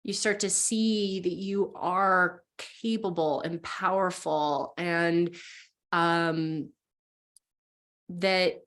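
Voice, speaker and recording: A woman guest who teaches spiritual practice, explaining earnestly and encouragingly and voicing inner thoughts as quotes. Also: lowish voice. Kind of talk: explanatory conversation.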